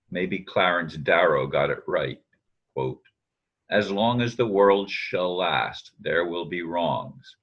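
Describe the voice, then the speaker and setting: A man's voice: sits low, a bit bright, breathy edge, dull audio. An older man musing aloud in a daily video monologue, quoting friends and often correcting himself. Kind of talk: reflective spoken monologue.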